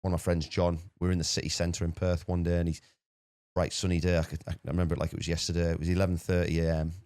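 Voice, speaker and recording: Man, podcast guest; rapid, deep, flat storyteller. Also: no echo, clean studio sound. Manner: rapid, animated anecdote-telling with repeated words. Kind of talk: casual storytelling.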